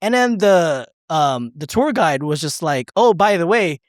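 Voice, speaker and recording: Guy on a podcast telling a long story, swears a lot, pitch jumps all over, dry close sound. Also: sing-song, a little slow, no echo. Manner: rambling, profane, laughing, acts out quotes. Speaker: podcast co-host. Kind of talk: casual storytelling chat.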